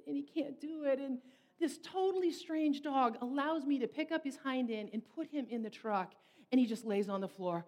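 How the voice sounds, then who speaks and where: A middle-aged woman telling a personal story in long, animated run-on sentences. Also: high-pitched, normal speed. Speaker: speaker. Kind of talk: storytelling talk.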